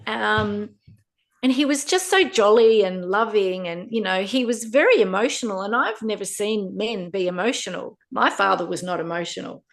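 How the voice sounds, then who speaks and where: A woman, a podcast guest telling her own story in a lively way with frequent laughter. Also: mid-range voice, normal speed. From Australia. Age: 50s. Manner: animated, laughs often while telling a story. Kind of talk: personal storytelling interview.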